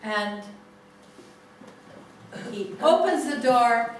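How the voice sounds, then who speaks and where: A woman leading a family constellation seminar, telling a case story slowly with many restarts. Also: on the high side, expressive, a little hiss or hum. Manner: slow, halting storytelling with restarts. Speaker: seminar facilitator. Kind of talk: guiding a family constellation exercise. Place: seminar room. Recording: echoey room, far from mic.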